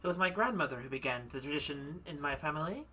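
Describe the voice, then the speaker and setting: A man voicing a young female French waxwork artisan in a mock accent that drifts toward German, formal and measured, reading game dialogue aloud with a bright, forceful tone. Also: on the high side, expressive, slight background noise. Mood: poised. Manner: formal, measured, stumbling over French words.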